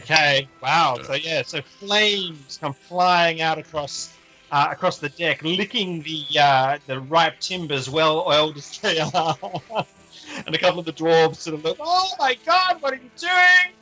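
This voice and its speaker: A man's voice: fairly high pitch, unhurried, pushed and bright, soft background music, poor audio. A man narrating as game master of a tabletop game, playful and laughing often.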